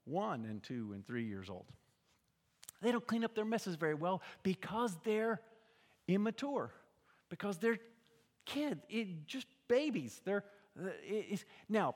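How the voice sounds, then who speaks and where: An older man delivers a sermon in a fairly high voice, swinging between hushed, quiet lines and loud shouts. His voice carries the long reverb of a large hall. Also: very animated, measured pace. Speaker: pastor.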